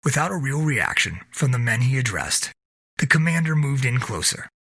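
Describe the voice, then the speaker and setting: A man reads his own novel aloud at a steady pace. His voice is bright with a husky edge, and his pitch moves a lot. The recording is close and dry, with no room sound. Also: normal speed, dry recording. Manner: steady storytelling read. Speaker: narrator. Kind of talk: reading a self-published novel aloud.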